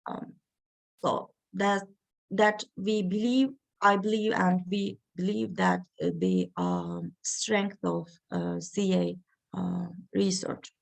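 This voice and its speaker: A woman giving an academic reading session, talking slowly and haltingly with many fillers. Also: mid-range voice, expressive, vocal fry. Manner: slow, halting delivery with frequent fillers. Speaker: lecturer.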